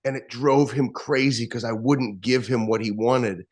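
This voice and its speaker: A man guest recalling a personal story, earnest and reflective. His voice sits at an everyday middle pitch. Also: fairly even intonation, unhurried.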